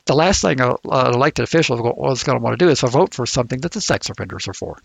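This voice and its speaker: Snarky guy co-hosting a podcast, super gravelly and husky, dry close sound. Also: medium pitch, lively intonation, fast, no room sound. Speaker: podcast co-host. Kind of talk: casual chat.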